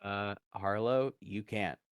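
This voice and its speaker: A man acting as game master, narrating a tabletop game in a chatty, halting way with frequent laughs. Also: on the low side, steady tone, clear, resonant tone, no echo, studio quality.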